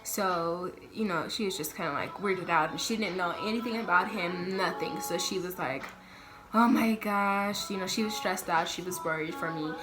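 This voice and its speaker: A woman's voice: lowish voice, moderate pace, hardly any pauses. A young woman from Colorado telling a personal story to her camera in a casual, chatty way, full of "like" and "um" and acting out what others said. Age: young adult. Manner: chatty, lots of "like" and "um", acts out quoted voices. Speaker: vlogger.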